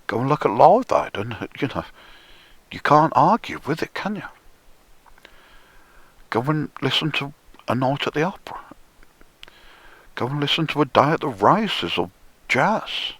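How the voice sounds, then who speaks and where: A man rants in a sneering, profanity-laden monologue at a deliberately slow pace, his pitch swinging widely. His voice is husky, and he often sinks into hushed whispers to drive a point home. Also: very animated, no room sound. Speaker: conspiracy commentator. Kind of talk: ranting monologue.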